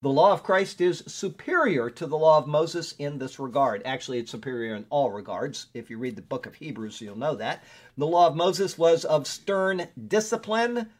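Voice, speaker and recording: A man's voice: on the high side, normal speed. A man teaching a Bible study as a pastor, chatting casually, stopping to look up verses, and reading scripture aloud with emphasis. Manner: conversational, digresses while looking up verses.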